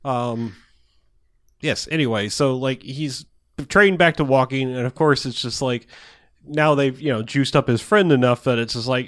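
A man's voice: medium pitch, normal speed. A man co-hosting a podcast, recapping a movie in casual chat, rambling and swearing, laughing often and acting out quotes. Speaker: podcast co-host.

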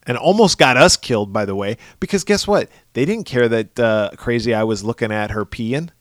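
A man's voice: medium pitch, normal speed, no echo, studio quality. A man co-hosting a podcast, casually recapping a horror movie with profanity and acted-out character voices. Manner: animated, profane, acts out characters in exaggerated voices. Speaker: podcast co-host.

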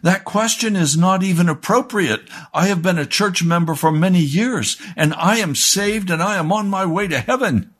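A man voicing a bitter, defensive middle-aged churchwoman who insists in an offended, shrill way. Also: normal speed, hardly any pauses, a bit bright. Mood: indignant.

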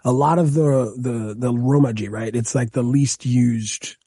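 A man co-hosting a casual podcast chat, enthusiastic and animated, with lots of "like.". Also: medium pitch, a little slow, husky, dry recording, studio quality. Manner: enthusiastic and animated, says "like" a lot. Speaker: podcast co-host.

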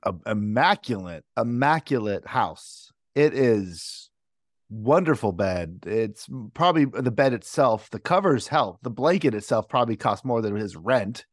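A man's voice: mid-range voice, expressive, measured pace, dry recording, clean studio sound. A man playing a tabletop game, narrating his character's scene casually and crudely. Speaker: player.

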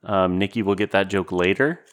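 A man's voice: low-pitched, a little fast. Jokey man with mock-serious claims. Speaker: podcast co-host. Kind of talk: casual chat.

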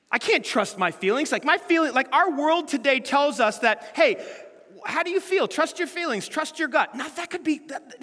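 A pastor preaches an animated sermon, firing rhetorical questions at his congregation. His voice is high-pitched, and the sound carries the feel of a big room.

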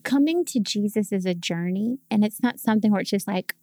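A woman's voice: mid-range voice, lively intonation, brisk, warm tone, no echo, studio quality. A woman guest telling her faith story in a casual podcast chat, earnest and emotional.

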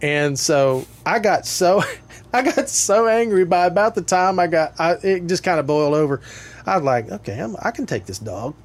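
A man's voice: sits high, expressive, moderate pace. A man, an appraiser guesting on a podcast, telling a funny story in casual chat and laughing through it. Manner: laughs often, tells stories with strong bursts.

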